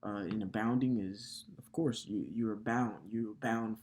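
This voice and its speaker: A man's voice: fairly low pitch, steady tone, moderate pace, darkish tone, slight background noise. A man teaching scripture in a loose, conversational way, with casual swearing and frequent filler tags like "okay" and "all right". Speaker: bible teacher. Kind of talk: casual sermon.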